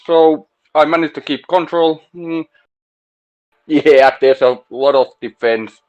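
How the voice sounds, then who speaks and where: Slow, halting sim racer, muffled line. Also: male voice, fairly high pitch. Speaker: sim racing driver. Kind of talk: post-race interview over voice chat.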